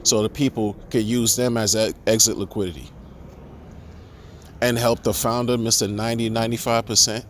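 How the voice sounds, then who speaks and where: Exasperated man ranting, low voice. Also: steady tone, normal speed, a bit bright, a little hiss or hum. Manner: exasperated, repetitive restarts, sarcastic rhetorical questions. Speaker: crypto commentator. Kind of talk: ranting monologue.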